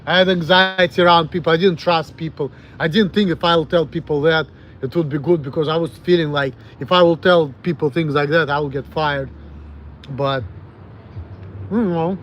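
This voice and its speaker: A man's voice: fairly high pitch, steady tone, fairly bright tone, slight background noise. A man in his late thirties with a Russian accent, rambling frankly and with plenty of swearing as he answers viewers on a livestream. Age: late 30s. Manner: rambling, frank, profane, halting self-corrections. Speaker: streamer.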